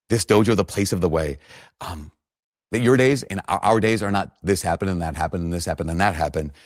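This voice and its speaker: Male preacher with a very low voice and dry close sound, earnest storyteller who builds emphasis. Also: no echo. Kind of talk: sermon.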